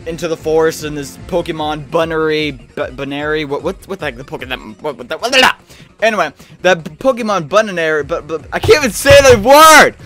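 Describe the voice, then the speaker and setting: A man giving a rambling, excitable casual review of a cartoon episode, often restarting his sentences. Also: a little high.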